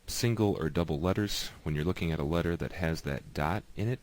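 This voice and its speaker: Very deep-voiced man teaching patiently. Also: darkish tone. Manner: patient, repeats examples slowly. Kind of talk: explanatory lesson.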